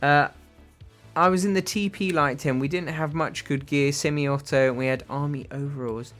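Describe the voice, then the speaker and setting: A man's voice: on the high side, fairly even intonation, normal speed, fairly bright tone, soft background music. A British man hosting a livestream, chatting casually with viewers and answering their questions in a rambling, self-deprecating way full of fillers. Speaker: livestream host.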